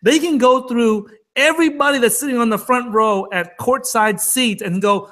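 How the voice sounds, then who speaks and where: High-voiced fired-up man ranting. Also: normal speed, hardly any pauses, a bit bright. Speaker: co-host of a crypto trading show. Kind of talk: casual chat.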